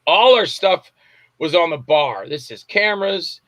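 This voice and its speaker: A film director from Tampa, interviewed casually, tells lengthy, wandering stories and often breaks off to search for names. His voice is a little high and a bit bright, expressive and measured in pace, captured on a dry recording.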